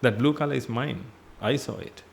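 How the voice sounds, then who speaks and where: A man preaches a Buddhist sermon in a gravelly, mid-pitched voice. He teaches by repeating key phrases and putting questions to his listeners, and his voice sinks low whenever he addresses them directly. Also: moderate pace, a little hiss or hum. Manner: repetitive, emphatic teaching with rhetorical questions; drops his voice on "ladies and gentlemen". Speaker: Buddhist monk giving a sermon. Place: temple hall.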